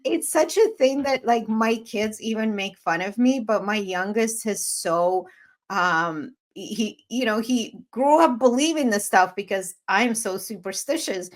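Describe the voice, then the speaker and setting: A middle-aged woman from Eastern Europe, chatting casually as a podcast co-host. Her voice sits a little high, and she tells stories with energy, acting out the voices of the people in them. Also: measured pace. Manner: animated storyteller, acts out quoted voices. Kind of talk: casual chat.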